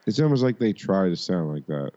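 Male podcast host, lowish voice, halting casual chat, lo-fi sound. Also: big pitch swings, mellow. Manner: rambling, halting banter.

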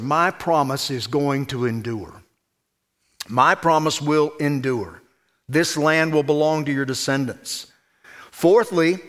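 A man preaching a sermon, emphatic, with loud stressed phrases and hushed low asides. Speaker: pastor.

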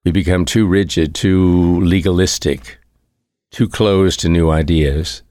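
A man with a very low, deep voice delivers a relaxed, conversational homily as a priest. He sounds reflective, circles back to repeat key phrases, and lets out an occasional soft chuckle. The sound is close and dry, with no room echo. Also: a little slow.

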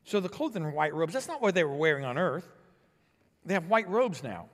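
A man's voice: very animated, moderate pace. Man preaching in an echoing sanctuary. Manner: preaching with swells of emphasis, then dropping low and quiet. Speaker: pastor. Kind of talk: sermon.

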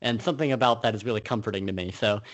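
A man's voice: lowish voice, racing. A man co-hosting a casual film podcast, talking hesitantly with many restarts and fillers. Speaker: podcast co-host. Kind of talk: casual film review chat.

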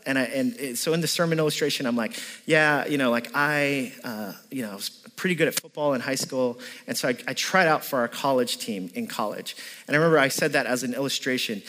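A man's voice: mid-range voice, fairly quick, bright, forceful tone. A man preaching a sermon as a pastor, in a loose conversational way full of "like" and "right?". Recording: long reverb of a hall.

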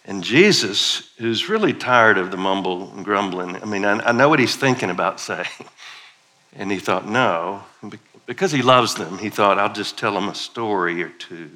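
This middle-aged guest preacher stays playful and conversational, leading his congregation in call-and-response. His lowish voice is pushed and bright, with lively intonation at a normal speed.

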